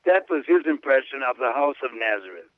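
With lively intonation and a medium pitch, a man who studies Latin reads a papal text slowly and unpacks it off the cuff, stressing and rising on important words. Enthusiastic asides interrupt his emphatic quoting, and he frequently repeats and restarts words. The audio is dry and narrow, like a phone line.

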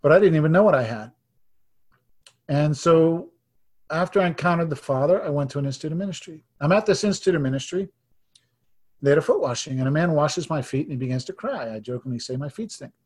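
A man in his fifties preaching, telling his own testimony earnestly, shifting between hushed and emphatic delivery. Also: on the high side, fast talker, breathy edge. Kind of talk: sermon testimony.

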